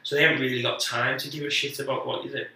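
Sweary man, bright and echoey. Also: medium pitch, flat delivery, very fast, recorded from a distance. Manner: rambling, sweary, frequent restarts. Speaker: guest comedian. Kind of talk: casual storytelling chat. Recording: very echoey, off-mic.

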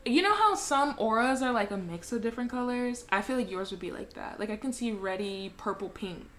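A woman's voice: on the high side, expressive, fairly quick, a bit bright. Chatty young woman, casual girl talk. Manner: bubbly, uses many "like" fillers. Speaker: friend in conversation. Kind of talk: casual chat. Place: lives in the US South.

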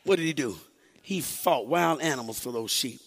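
A male pastor preaching a sermon, moving from quiet, slow talk to shouted, sing-song exhortation and calling on the congregation to answer. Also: mid-range voice, expressive, vocal fry. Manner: calls on the congregation to respond.

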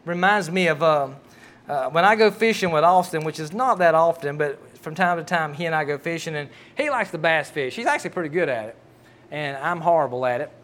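A man's voice: a little high, expressive, a little fast, a bit bright. A middle-aged man, preaching a sermon and telling a personal story in a folksy way. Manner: folksy storytelling, acts out quoted dialogue. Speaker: pastor.

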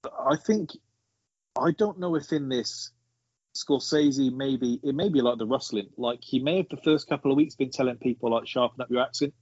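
A man's voice: mid-range voice, moderate pace, a little mellow, husky, no room sound, muffled recording. A man casually discussing a film on a podcast, explaining his views at length.

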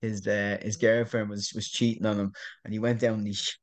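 A middle-aged Irish man, the guest in a casual interview, tells a rambling story, repeating words and laughing often. His voice is lowish, his delivery flat and a little fast.

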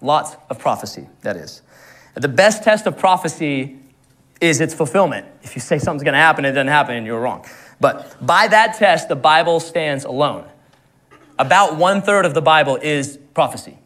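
Guy giving a sermon, kinda high voice, earnest but laughs a lot, sounds young. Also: expressive, normal speed, fairly bright tone. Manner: earnest, laughs often at his own stories. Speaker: preacher.

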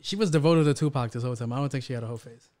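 A man co-hosting a podcast, dropping quick offhand remarks in casual chat. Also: mid-range voice, warm tone. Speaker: podcast co-host.

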